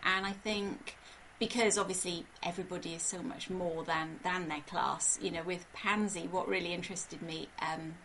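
A woman from Wales, an author answering interview questions in a thoughtful, soft-spoken way. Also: fairly low pitch, steady tone, normal speed, hardly any pauses, slight background noise, low-quality recording. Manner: thoughtful, soft-spoken, uses many fillers. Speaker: author, podcast guest.

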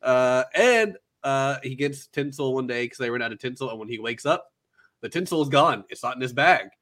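A man co-hosting a casual podcast. He tells stories animatedly, often slipping into quick character voices. His voice sits at an ordinary middle pitch. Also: expressive, a bit bright. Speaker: podcast co-host. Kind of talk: casual chat, retelling a film with acted quotes.

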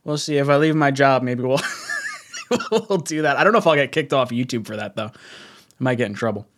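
A young man hosting a casual fan livestream, excitable, laughing often and reading chat messages aloud. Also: mid-range voice, brisk. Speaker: livestream host.

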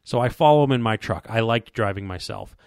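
A man with a fairly low voice tells a long, rambling story in casual chat. He trips over repeated words and slips into quoting the people he met. The sound is dry and close, with no room in it. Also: fairly quick, vocal fry, a little mellow, no room sound. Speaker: podcast co-host telling a hunting story.

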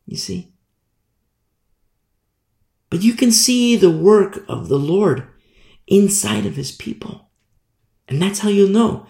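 A man's voice: sits high, lively intonation, slow, gravelly, pauses often, darkish tone. A man teaching a Bible sermon with fervent, emphatic repetition. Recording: roomy echo.

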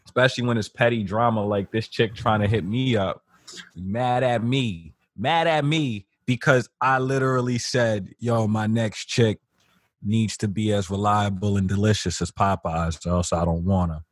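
A low-voiced young man riffs on a podcast in a blunt, swaggering way, heavy on street slang. His voice sits close and dry, with no room around it. He keeps an animated, opinionated flow. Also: normal speed, dry recording. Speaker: podcast co-host. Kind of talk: casual podcast banter.

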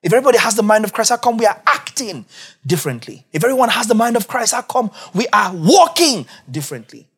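A man preaching a sermon as pastor, emphatic and repetitive, building to raised, shouted peaks. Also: high voice, very animated, quick pace, husky. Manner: emphatic, repeats key phrases, rising to shouts.

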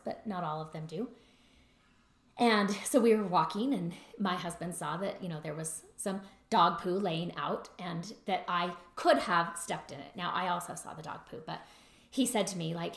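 A woman's voice: on the low side, roomy sound. A woman telling a personal story in a reflective talk about trauma and choice, conversational and full of fillers. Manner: conversational, many fillers, mimics her husband in quotes.

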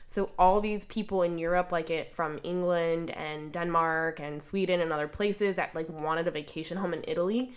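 A woman's voice: on the low side, normal speed, hardly any pauses. A woman co-hosting a casual podcast, nasal from a sinus infection, telling stories with lots of "like". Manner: chatty storytelling, lots of "like". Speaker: podcast co-host. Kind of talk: casual chat.

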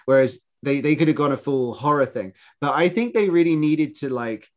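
A man co-hosting a podcast in casual chat, animated and rambling, with many restarts and fillers. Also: a little high, normal speed. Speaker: podcast co-host.

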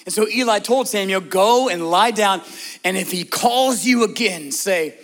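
A male pastor delivering a conversational sermon, often asking the congregation direct questions and moving between emphatic lines and soft, hushed prayer. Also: high voice, measured pace.

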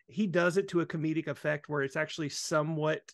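Gravelly, enthusiastic man. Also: on the high side, fairly even intonation, no room sound, studio quality. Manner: enthusiastic, halting restarts. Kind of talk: casual chat.

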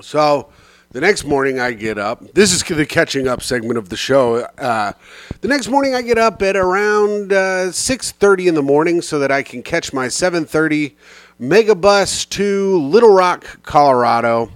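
A man hosting his own comedy podcast, spinning road stories in a loose, animated way and cursing freely. His voice sits a little high for a man. The sound is dry and close, with no room around it. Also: normal speed, dry recording. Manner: animated, swearing, slips into quoted voices. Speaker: podcast host. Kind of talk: casual comic storytelling.

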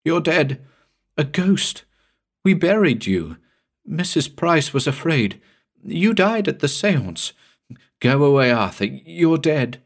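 A man reading a horror story takes on the voice of a terrified young woman, pitched far above his own low tone. She shrieks in shrill panic, her words tumbling out in fear. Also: big pitch swings, slow, exaggerated voice.

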